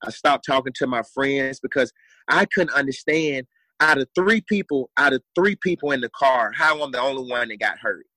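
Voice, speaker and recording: Earnest man with a bright, forceful voice. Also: mid-range voice, moderate pace, no echo, rough recording. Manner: earnest, repeats phrases for emphasis. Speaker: guest. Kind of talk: motivational storytelling.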